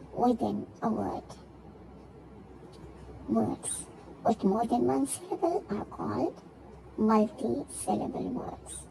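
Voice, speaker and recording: Slow, gravelly-voiced woman teacher. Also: a little high, background noise. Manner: repeats each word slowly and spells out syllables. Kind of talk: recorded grammar lesson for young children.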